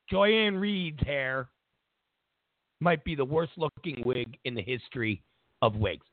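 A man hosting a show, giving an opinionated political commentary as a mocking, animated rant. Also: medium pitch, slow, long pauses, no room sound. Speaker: show host. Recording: tinny phone-like dry audio.

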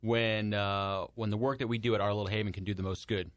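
A man appearing as a guest on a radio show, earnest and proud as he talks up his charity. His voice is on the low side. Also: flat delivery, fast. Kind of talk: radio interview.

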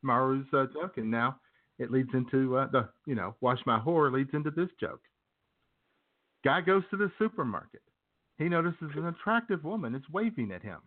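A man's voice: mid-range voice, normal speed. A man co-hosting a comedy show, telling jokes casually and acting out the characters. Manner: animated, acts out characters in jokes. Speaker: podcast co-host. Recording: tinny phone-like sound.

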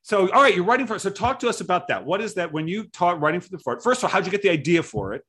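A man's voice: high-pitched, lively intonation, racing, a bit bright, breathy edge. A man hosting an interview, asking rambling questions and laughing along supportively. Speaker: interview host. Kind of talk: conversational interview.

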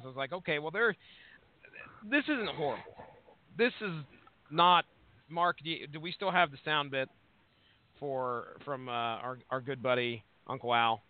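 Rambling man on a tinny line. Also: mid-range voice. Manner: rambling, hesitant, self-correcting. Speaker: podcast host. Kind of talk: casual album review chat.

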